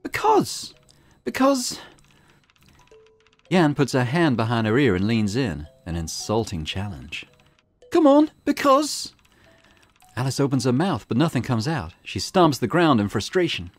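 A man's voice: medium pitch, big pitch swings, normal speed, hardly any pauses, dry recording, soft background music. Man narrating a detective visual novel. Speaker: let's play host.

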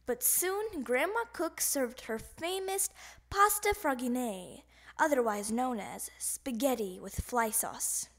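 A woman reads a children's picture book aloud, slowly and expressively. Her voice is high and lively. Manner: animated, expressive. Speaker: storybook reader. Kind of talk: children's storybook read-aloud.

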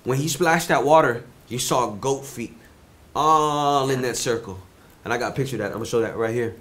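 A young man casually telling a story in an animated way, swearing freely and repeating "you know what I'm saying". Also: mid-range voice, fairly quick.

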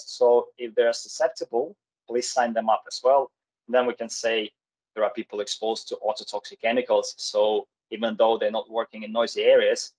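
A man, an occupational hygienist, presenting a webinar in a halting way with many fillers and restarts. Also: fairly low pitch, husky, low-quality recording.

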